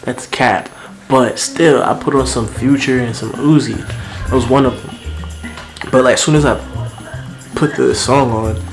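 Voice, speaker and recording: A man's voice: mid-range voice, fairly even intonation, measured pace, pauses often. Laid-back slangy young man vlogger. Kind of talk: storytime vlog. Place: at home indoors. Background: music playing.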